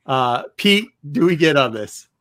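A man's voice: on the high side, expressive, a little slow, fairly bright tone. A man hosting a podcast, talking animatedly about a book and pressing his points with emphasis. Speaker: podcast host. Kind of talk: casual book review chat.

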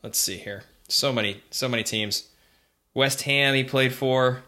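A man's voice: medium pitch, a little slow, bright, forceful tone. A man co-hosting a casual sports history podcast, chatty, reading facts aloud with fillers and restarts. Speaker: podcast co-host.

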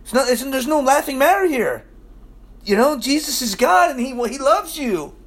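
A man's voice: very high voice, expressive, normal speed. A pastor preaching a sermon to his church, talking emphatically and casually with slang asides.

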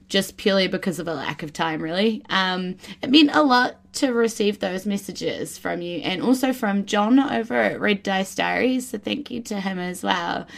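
A woman's voice: mid-range voice, creaky. Bubbly New woman podcaster. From New Zealand. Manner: bubbly, laughs often, gets giddy with excitement. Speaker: podcast host. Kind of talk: casual solo podcast chat.

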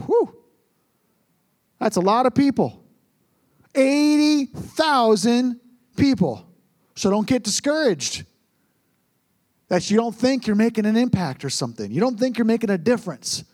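A man's voice: very high voice, big pitch swings, a little slow, long pauses, a little mellow. A young man preaching as pastor, earnest and storytelling, often repeating words for emphasis. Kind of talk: sermon.

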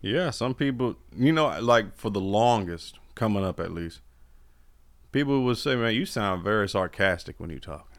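A man's voice: fairly low pitch, animated, normal speed. A man co-hosting a podcast, telling stories in an easygoing, profane way. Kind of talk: casual chat.

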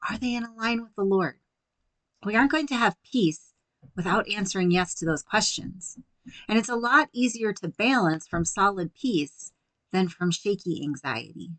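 A woman's voice: mid-range voice, dry recording, poor audio. Encouraging woman podcast host, dry sound. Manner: warm, encouraging, talks listener through examples. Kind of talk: faith-based coaching podcast monologue.

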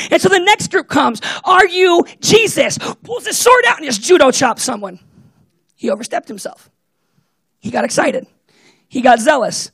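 A man preaching a casual, jokey sermon to a church, acting out Bible characters with lively asides. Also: very high-pitched, normal speed, creaky, dry recording.

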